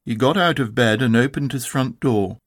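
A man with a mid-range voice reads a children's storybook aloud, staying calm, measured, and expressive throughout.

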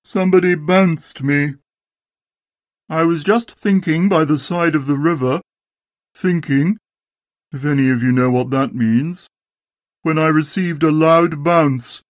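A man doing Eeyore, a gloomy slow donkey. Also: a little high, no echo, studio quality, voice pushed up, lightly acted. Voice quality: drawling, mournful. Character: gloomy old male donkey, sarcastic and slow. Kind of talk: storybook reading.

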